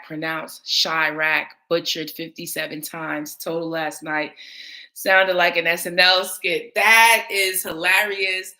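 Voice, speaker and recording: A woman's voice: lowish voice, sharp tone. A woman battle rap panelist answering viewer comments in candid, casual talk, blunt and emphatic, swearing freely.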